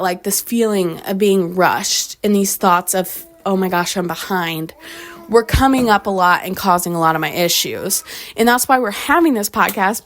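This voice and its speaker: Young woman, podcast host, earnest, unscripted, talks into a phone, fillers like "like". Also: mid-range voice. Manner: earnest, talks straight to listeners, many "like" fillers. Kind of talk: unscripted heartfelt monologue.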